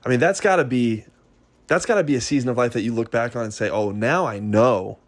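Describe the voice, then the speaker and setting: A man's voice: medium pitch, fairly quick, no echo. A man hosting a podcast, encouraging and reflective, who talks in loose, trailing phrases. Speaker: podcast host. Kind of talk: casual podcast conversation.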